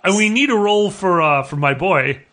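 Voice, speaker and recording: A man with a high, bright, tense voice trades crude jokes in rapid comic banter. His delivery is brash, and he laughs as he riffs. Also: expressive. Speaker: podcast co-host.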